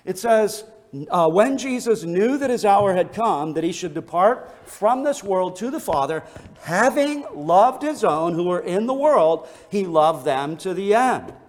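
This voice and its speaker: Pastor, man, high voice, earnest sermon delivery, repeats words for stress, reverberant sanctuary. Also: expressive, measured pace.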